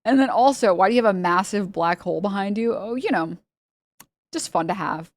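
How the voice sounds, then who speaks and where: A woman's voice: mid-range voice, expressive, brisk, no echo. Chatty woman streamer, dry sound. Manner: chatty and rambling, filler-heavy, laughs often. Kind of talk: casual live-stream chat.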